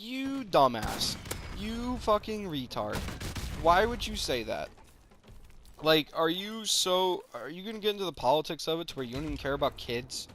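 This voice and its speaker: A man's voice: fairly high pitch, noisy background. A man ranting in an exasperated, sarcastic, profane way over gameplay footage, as the creator of the video.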